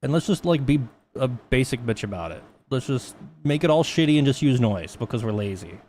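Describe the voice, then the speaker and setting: A man's voice: medium pitch, animated, fairly quick, a little mellow. Young adult male streamer, mid-range voice, loose and profane, self-mocking asides, faint hiss underneath. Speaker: streamer teaching 3D texturing. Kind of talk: casual live-stream tutorial.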